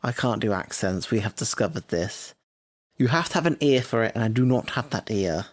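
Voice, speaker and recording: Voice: medium pitch, lively intonation, brisk. A co-host in casual podcast chat, sardonic and fond of silly asides. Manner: sardonic, breaks into silly singing.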